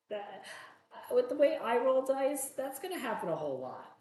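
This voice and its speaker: A man's voice: very high-pitched, very animated, normal speed, darkish tone, a little hiss or hum. A man casually playing a solo tabletop game, reading gruesome card stories aloud and joking at his own bad luck, in a roomy, echoey room. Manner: self-mocking, groans about bad dice rolls. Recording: roomy echo.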